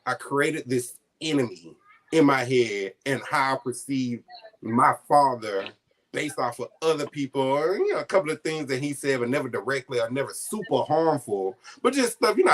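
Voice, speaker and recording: In an interview, a male guest shares a personal story at a moderate pace, his voice sitting at a medium pitch. He is heartfelt and emotional, at times choking up and near tears. He brings the tale to life by acting out the voices of the people involved.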